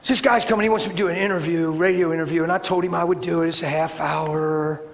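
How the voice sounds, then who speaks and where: A man preaching a sermon in animated, plain-spoken storytelling. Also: on the high side, quick pace, vocal fry. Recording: echoey hall, faint background noise.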